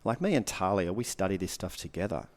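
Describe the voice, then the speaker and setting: A man's voice: low-pitched, sing-song, fairly quick. A man, a guest coach giving earnest advice in casual podcast talk, repeating short punchy phrases.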